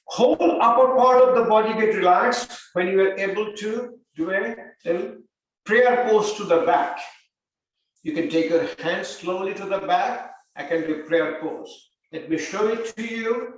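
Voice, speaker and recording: An older man teaching yoga therapy, giving calm guided instruction and repeating breathing cues. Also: high voice, measured pace. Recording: very echoey room, mic far off.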